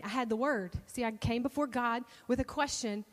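High-voiced woman preaching in a reverberant hall. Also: moderate pace. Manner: animated, expressive storytelling with bursts of excitement. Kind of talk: sermon storytelling.

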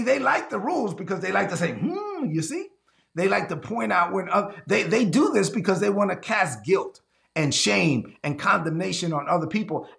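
A man preaching a conversational sermon to an online audience, energetic and repeating himself as he acts out quotes from others. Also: sits high, gravelly. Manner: repeats words and restarts often. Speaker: pastor. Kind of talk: livestreamed sermon.

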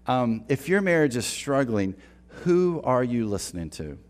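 A man's voice: medium pitch, big pitch swings, unhurried. A man preaching a sermon in a church, conversational and repeating words as he starts phrases. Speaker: pastor. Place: church sanctuary.

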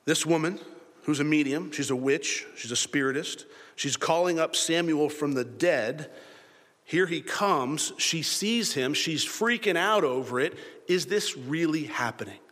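A man's voice: a little high, expressive, unhurried, a bit bright, long reverb tail. A man preaching a sermon and acting out the biblical dialogue in different voices.

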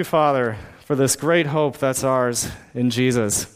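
A man's voice: medium pitch, slow, few pauses, smooth. A male pastor preaching a sermon, reading scripture and building to fervent exhortation with repeated rhetorical questions.

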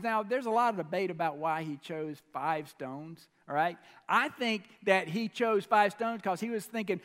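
A man preaching a sermon, telling a story with animated delivery and frequent questions to the congregation. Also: high-pitched, moderate pace, in a large hall. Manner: animated storytelling, asks the audience questions, swings pace and volume.

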